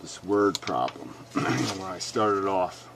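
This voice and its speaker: A man's voice: sits low, very animated, slow, creaky, background noise. A man hosting a video reaction, talking bluntly and emphatically as he argues his point. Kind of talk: argumentative commentary.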